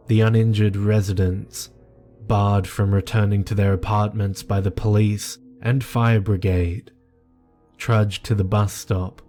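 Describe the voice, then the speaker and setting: A man giving a measured, grave reading of a scripted horror story. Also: lowish voice, mellow. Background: faint music.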